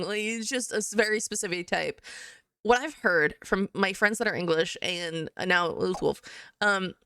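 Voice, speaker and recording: Brief: chatty woman streamer, giggly and offhand, gravelly fry, dry close-miked sound. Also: mid-range voice, a bit bright, no room sound. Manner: chatty, giggly, reacting to chat. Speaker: livestream host. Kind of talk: casual livestream chat.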